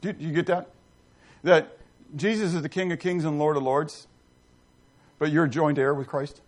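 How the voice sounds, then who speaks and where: A man's voice: a little high, steady tone, normal speed. A middle-aged man preaching a sermon, reading scripture and putting questions to the congregation with emphasis. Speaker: pastor.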